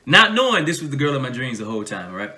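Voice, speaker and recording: A Southern American man in his thirties, co-hosting a podcast and telling a story casually with lively, acted-out quotes. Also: fast talker, background noise. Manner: animated, acts out quotes in a much higher voice. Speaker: podcast co-host.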